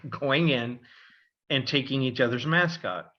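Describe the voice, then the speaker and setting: A middle-aged man co-hosting a podcast, telling a long school story in an animated way and acting out the voices of the people in it. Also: mid-range voice, takes it slowly, highs cut off. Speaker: podcast co-host, father. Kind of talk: casual storytelling.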